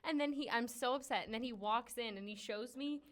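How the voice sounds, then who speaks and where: Woman podcast guest, slightly high voice, playful, teasing; casual banter. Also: fairly quick, fairly bright tone. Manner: playful, teasing, laughs often.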